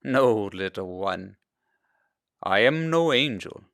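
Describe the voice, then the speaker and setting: Soft reassuring dad in a storybook, guy reading it, slow and warm, dry close sound. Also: on the low side, lively intonation, vocal fry, no room sound, full character voice. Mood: gentle. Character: gentle fatherly man, strong and kind.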